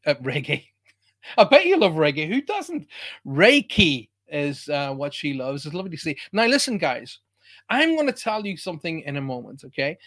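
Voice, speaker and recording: An Irish man with a slightly high, somewhat bright voice hosts a live online show. He chats casually in live-stream style and greets viewers by name.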